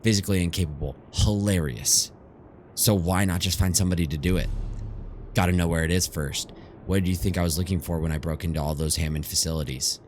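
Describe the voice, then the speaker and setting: A man voicing a menacing undying male killer who longs to die, speaking in a grim, low and measured way. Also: fairly even intonation, slight background noise, natural voice.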